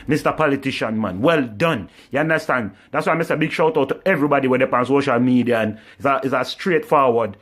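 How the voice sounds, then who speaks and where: A man's voice: mid-range voice, fast, hardly any pauses, a bit bright. A man with a Jamaican accent, talking as a vlogger in a sarcastic spoken rant. He mocks by repeating "well done" and keeps tagging his lines with "you understand".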